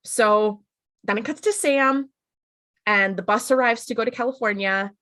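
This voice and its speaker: A woman's voice: a little high, fairly bright tone. Chatty woman recapping an episode. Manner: chatty, acts out characters in quick paraphrase. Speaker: podcast co-host.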